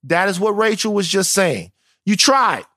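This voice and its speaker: A man's voice: sits high, expressive, measured pace, sharp tone, no echo, clean studio sound. A man, co-hosting a podcast in casual, profane, joking banter. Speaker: podcast co-host.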